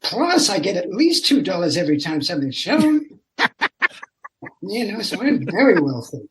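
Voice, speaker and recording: An older man, a guest telling lively stories in a casual chat and laughing as he goes. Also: high voice, normal speed, very noisy. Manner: animated, laughing storyteller who slips into character voices. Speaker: guest, rock singer and actor.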